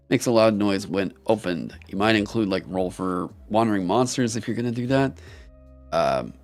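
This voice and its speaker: A young man on a live stream who reads game material aloud haltingly with many ums, then breaks into excited, swearing asides. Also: fairly low pitch, gravelly. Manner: swears casually. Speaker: streamer critiquing game designs. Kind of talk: casual live-stream critique.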